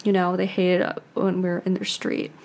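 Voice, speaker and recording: A woman's voice: on the low side, monotone, normal speed, gravelly, a little mellow. An American woman in her twenties, a podcast host, talking in a rambling, confessional way with many "like"s and restarts. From United States. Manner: chatty, rambling, heavy use of "like", frequent restarts. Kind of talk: casual confessional monologue.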